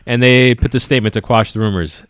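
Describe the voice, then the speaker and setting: A man co-hosting a football podcast, explaining events in a halting, casual way with frequent fillers. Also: medium pitch, steady tone, fairly bright tone, clear, resonant tone, no room sound, clean studio sound.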